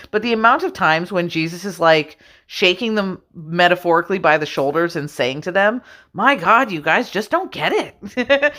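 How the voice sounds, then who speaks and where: A woman at home giving casual commentary on scripture, reading verses slowly and laughing often as she talks. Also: lowish voice, a bit bright. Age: adult. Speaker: religious video host.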